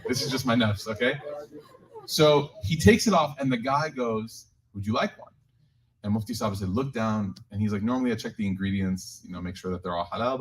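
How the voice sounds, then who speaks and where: A man's voice: on the low side, rough recording. A man, an imam, telling a joking story to a live community group and then leading a closing prayer. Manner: animated, joking storyteller who shifts into slow closing prayer. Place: community gathering room with listeners.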